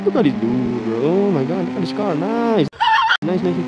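Excitable man narrating his gameplay. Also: a little high, normal speed, highs cut off, very noisy. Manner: excitable, exclaims often, calls the viewer bro; laughs often at the game. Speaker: mobile game player. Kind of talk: casual gameplay commentary.

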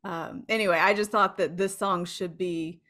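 A woman hosting a podcast, chatting about songs and reading the credits in a relaxed, conversational way. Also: lowish voice, moderate pace. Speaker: podcast host. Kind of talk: casual chat about music.

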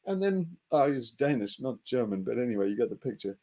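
A man hosting an animated group discussion, excitable and mocking, often laughing and jumping in pitch to act out quotes. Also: a little fast, hardly any pauses. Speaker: host.

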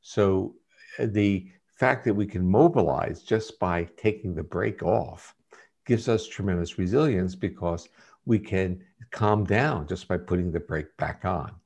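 A man, a guest scientist in an interview, giving measured, lecturing explanations. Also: deep voice, darkish tone, slightly rough.

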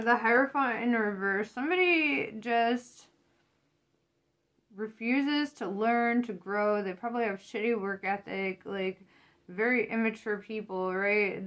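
A woman's voice: mid-range voice, a bit bright. A woman doing a casual tarot reading, swearing a lot, laughing often and getting fired up. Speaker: tarot reader.

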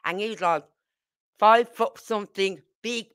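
A woman's voice: mid-range voice, measured pace, fairly bright tone, smooth. A middle-aged woman, telling blunt, salty stories casually to her viewers as a channel host. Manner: blunt, salty, tells stories with acted quotes. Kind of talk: casual storytelling to camera.

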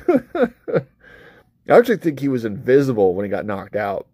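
A man's voice: fairly low pitch, lively intonation, normal speed, darkish tone, no echo. A man talking casually to camera as a vlogger, rambling and swearing freely, with frequent laughs between thoughts. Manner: rambling and profane, with frequent laughs and acted-out asides. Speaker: vlogger reviewing books and films; parent of a young child. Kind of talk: casual unscripted chat to camera.

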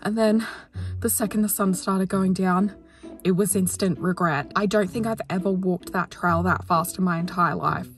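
A woman's voice: on the low side, fairly even intonation, moderate pace. A woman in her twenties chatting casually in a bubbly, gushing vlog style. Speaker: vlogger. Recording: echoey room with background music.

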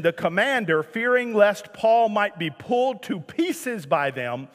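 A man preaching a sermon as pastor, animated and jokey, acting out the scripture scenes. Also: high-pitched, big-room sound. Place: church sanctuary.

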